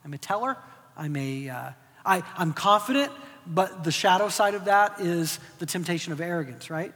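High-voiced animated man in his forties. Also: normal speed. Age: 40s. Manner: animated, emphatic, self-deprecating. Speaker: podcast co-host. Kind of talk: casual conversational advice. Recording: reverberant room.

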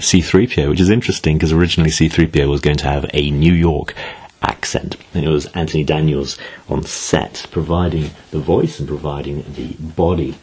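A man's voice: rumbling low, fairly even intonation, a little fast, darkish tone, slightly rough. A man giving an explanatory talk, walking through points step by step with asides.

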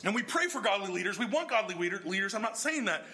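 Bright, high-voiced male preacher. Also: lively intonation, fast. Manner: expository preaching, asks the congregation questions. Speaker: pastor. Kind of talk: sermon.

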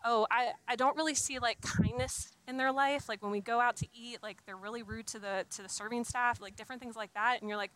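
A woman's voice: on the high side, fairly even intonation, fairly quick, hardly any pauses, fairly bright tone, rough recording. A young adult woman giving an earnest, conversational sermon, with frequent restarts and casual fillers. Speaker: speaker giving a talk on faith and singleness.

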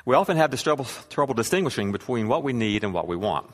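A man's voice: mid-range voice, very animated, fast talker, in a large hall. A man giving a sermon in a conversational, wry way, with scripture reading and asides. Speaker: preacher.

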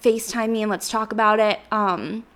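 A woman's voice: medium pitch, fairly even intonation, normal speed, fairly bright tone, a little hiss or hum. A woman in her twenties hosting her own podcast, talking earnestly in a rambling way and sounding close to tears. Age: 20s. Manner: earnest, rambling, uses "like" and "literally" often. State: emotional, near tears. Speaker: podcast host. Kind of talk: solo podcast monologue.

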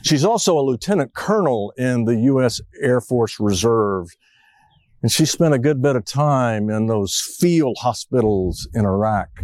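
A man's voice: mid-range voice, a little mellow, dry recording, low-quality recording. A middle-aged man preaching a reflective sermon as a pastor, telling stories. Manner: storytelling, reflective, acts out a child's voice in quotes.

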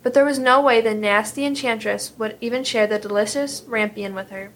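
A woman reading a fairy tale aloud in a steady, clear storytelling manner. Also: on the high side, fairly quick.

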